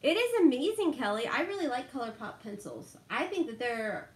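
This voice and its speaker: A middle-aged woman chats with live viewers as she does her makeup. She laughs easily and keeps calling out viewers by name. Her voice sits a little high and rings in an echoey room. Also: very animated, moderate pace. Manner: chatty, laughs often, reads out viewer names. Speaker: beauty vlogger chatting with live viewers. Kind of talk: casual chat while doing makeup.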